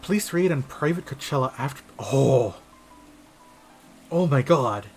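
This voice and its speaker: A man streaming a story game live, chatting and reacting out loud as he reads. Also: mid-range voice, lively intonation, measured pace, faint music behind.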